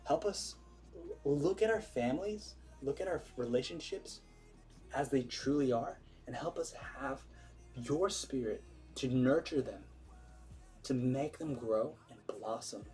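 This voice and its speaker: A man's voice: mid-range voice, warm tone. A man leading an earnest, emphatic prayer and then explaining it in informal preaching, with many restarts.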